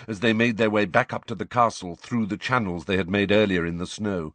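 A man narrating a novel with expressive, dramatic delivery. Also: fairly low pitch, a little fast, hardly any pauses, no room sound. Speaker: audiobook narrator.

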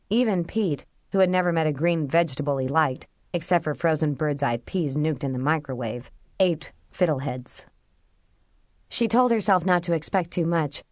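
A woman narrating a novel as an audiobook, in steady, measured storytelling. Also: deep voice, no echo, clean studio sound. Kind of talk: scripted narration.

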